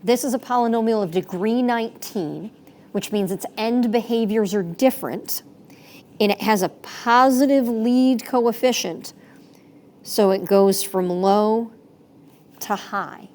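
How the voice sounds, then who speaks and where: A woman's voice: a little high, a little slow, a little mellow. A woman teaching a math lesson in a chatty, playful way, correcting herself as she goes. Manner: chatty, self-correcting, playful sound effects.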